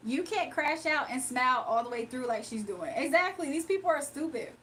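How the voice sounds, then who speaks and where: A woman hosting a livestream with a fairly high voice, reading comments aloud and firing back bluntly. Her tone is sassy and casual, and faint background noise sits under her voice. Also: animated, fairly quick, a bit bright. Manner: blunt, sassy, laughs often. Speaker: livestream host.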